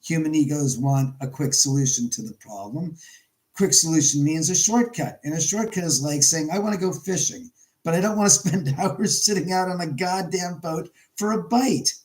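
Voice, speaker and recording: A man's voice: a little high, normal speed, darkish tone, low-quality recording. A middle-aged man hosting a casual livestream from his house, telling rambling stories and answering viewers in the chat. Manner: rambling storyteller, reads chat aloud. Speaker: livestream host.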